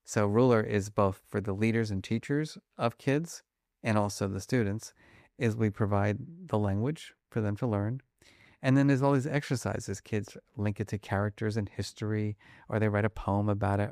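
A man being interviewed about his research, talking quickly and acting out little scenes as examples. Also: on the low side, dry recording, clean studio sound. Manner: animated, fast-talking, acts out examples. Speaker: guest, emotion researcher. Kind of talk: conversational interview.

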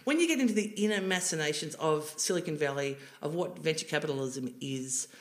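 An Australian woman in her forties speaks as an interview guest. She tells her stories in an animated way, breaking into laughter and restarting her sentences often. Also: low voice, a little fast. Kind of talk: casual interview chat.

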